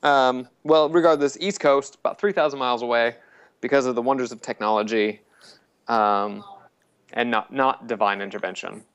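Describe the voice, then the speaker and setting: A man's voice: medium pitch, normal speed, fairly bright tone, smooth, muffled recording. A man hosting a casual podcast, rambling with many fillers and frequent laughs. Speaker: podcast host.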